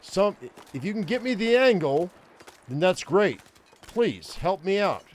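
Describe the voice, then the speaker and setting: A man's voice: sits high, very animated, unhurried. An older man giving casual, profane gameplay commentary, ranting and rambling with frequent restarts. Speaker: gaming streamer.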